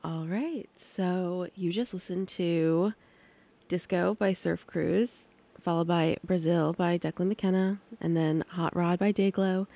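A woman's voice: lowish voice, fairly even intonation, slow, vocal fry, background noise. A young adult woman hosting a college radio show, chatting casually between songs in a rambling way, full of "like" and "um". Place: radio studio.

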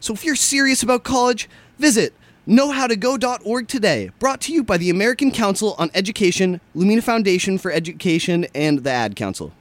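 A man putting on the voice of an upbeat male ad announcer, reading a mock radio spot with a loud, bouncy hard sell. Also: sits high, animated, brisk, no room sound, pitched above the performer's own voice. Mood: peppy. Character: peppy adult male ad announcer.

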